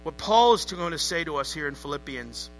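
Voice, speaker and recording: A pastor preaching a sermon in a church service, emphatic and calling on the congregation to repeat words back to him. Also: male voice, a little high, animated, brisk, soft background music, poor audio.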